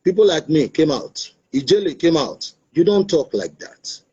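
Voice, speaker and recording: With a fairly high, darkish voice, a breathy edge and lively intonation at normal speed, this Nigerian man hosts an online talk show. He gives an opinionated, earnest and preachy monologue, repeating his points, over dull lo-fi stream audio.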